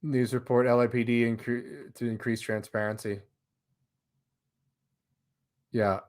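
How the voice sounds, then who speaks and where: A man's voice: mid-range voice, level tone, moderate pace, darkish tone. Sarcastic man chatting on a live stream. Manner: loose and sarcastic, laughing while reading comments. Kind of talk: casual live stream chat reading viewer comments.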